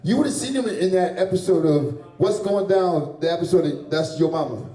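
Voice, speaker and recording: Crude comedian in an echoey bar. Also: male voice, sits high, normal speed, hardly any pauses, mellow. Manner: loose, crude, laughing at his own jokes. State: sweating. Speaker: stand-up comedian. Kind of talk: stand-up set at an open mic. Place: small bar or club with a live audience. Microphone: handheld stage mic. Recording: echoey room from far off.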